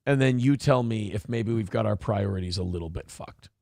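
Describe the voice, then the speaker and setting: A man's voice: lowish voice, a little fast, darkish tone, no echo, clean studio sound. A man hosting a morning talk show, ranting in a casual, profane, exasperated way.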